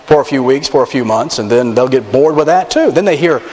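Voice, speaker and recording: A man preaching a sermon as pastor, animated and emphatic, with wry asides to the congregation. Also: a little high, a little fast. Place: church sanctuary. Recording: long reverb of a large sanctuary.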